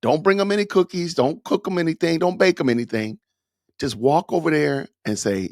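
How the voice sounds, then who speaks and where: A man's voice: on the high side, expressive, brisk, no room sound, clean studio sound. A man hosting a podcast, giving emphatic, lecturing, repetitive commentary. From Atlanta, USA. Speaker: podcast host.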